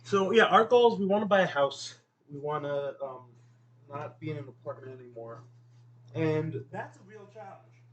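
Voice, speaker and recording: Onions have his eyes watering as this home-cooking video host chats loosely with an unseen friend, full of fillers and jokes at his own expense. He sounds a little high and animated at a normal speed. A little hiss or hum runs through the poor audio.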